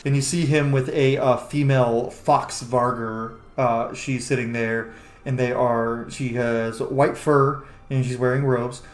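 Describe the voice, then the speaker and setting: A man as game master, narrating a tabletop game in a casual, halting way. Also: mid-range voice, little pitch movement. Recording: roomy echo.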